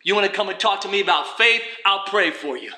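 A man preaching a fervent sermon, dropping low and then rising to shouts. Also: lively intonation, fairly quick. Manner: fervent, swings from quiet to shouting.

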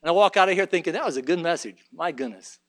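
A man preaching a sermon in a church, climbing to fervent shouting and then dropping to quiet, conversational storytelling. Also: expressive, fast talker. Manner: rises to shouted fervor, then drops low and conversational. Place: church sanctuary.

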